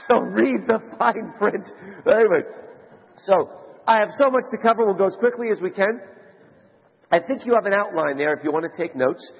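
High-voiced man lecturing in a big hall. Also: normal speed, vocal fry, slightly rough. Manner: animated storyteller, rising to high excited shouts. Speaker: conference speaker. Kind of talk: lecture with jokes to a live audience. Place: large conference hall. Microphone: handheld mic. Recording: lo-fi hall recording with long reverb.

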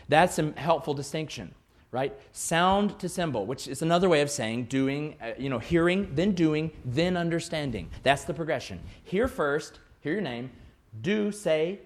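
Joking male music educator presenting. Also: fairly high pitch. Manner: animated, joking, acts out quoted voices. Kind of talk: conference presentation.

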